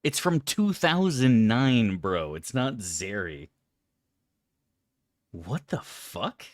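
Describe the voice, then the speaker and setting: This medium-pitched male streamer sounds very animated and draws out his words, recorded in studio quality with no room sound. Chatting casually with viewers during a live game, he swears freely and complains in a chummy, overblown way.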